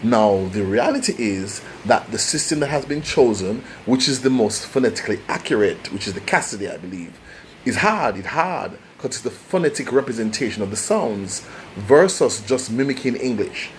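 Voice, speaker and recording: A man's voice: medium pitch, expressive, moderate pace, slight background noise. A Jamaican man speaking in a casual, passionate monologue, emphatic and restarting his phrases often. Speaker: host.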